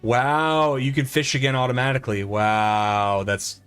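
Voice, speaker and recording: A middle-aged man chatting on a live gameplay stream, his voice at an ordinary mid pitch. He rambles through stories with plenty of fillers and pokes fun at himself. Soft game music plays faintly underneath. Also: steady tone, measured pace, clear, resonant tone. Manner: rambling, self-deprecating storytelling with lots of fillers. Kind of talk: casual live-stream chat over gameplay.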